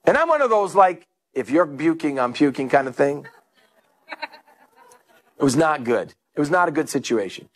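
A man's voice: on the high side, moderate pace, long pauses. A male pastor preaching a sermon, telling stories and acting out the people in them. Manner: storytelling preacher, animated, acts out quotes.

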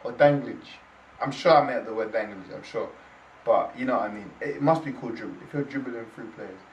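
Excitable young man, echoey room. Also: mid-range voice, a little fast, a little hiss or hum. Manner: excitable, exclaiming in slang. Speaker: reaction video host. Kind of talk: casual reaction commentary. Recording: roomy echo, distant from mic.

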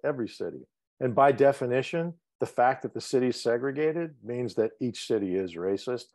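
A man hosts a podcast in loose, playful conversation, slipping into jokes and swearing as he tells stories. His voice sits at a middling pitch and sounds close and dry, with no room echo behind it. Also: brisk, darkish tone. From Cambridge, Massachusetts. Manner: joking, swearing, playful storytelling. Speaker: podcast host. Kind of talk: casual chat.

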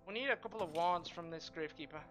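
A man streaming a game with casual, profane commentary, trash-talking and shouting during fights. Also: on the high side, soft background music. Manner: brash, profane, quick to trash-talk. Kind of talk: live gameplay commentary.

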